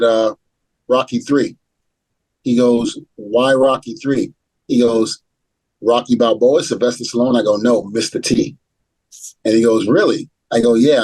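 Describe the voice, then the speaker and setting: A husky middle-aged man tells a long story as an interview guest. He acts out each line of remembered dialogue. His voice sits in a mid register and is recorded dry and close, with no room sound. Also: medium pitch, no room sound, poor audio. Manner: animated storyteller acting out quoted dialogue. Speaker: retired pro wrestler, guest.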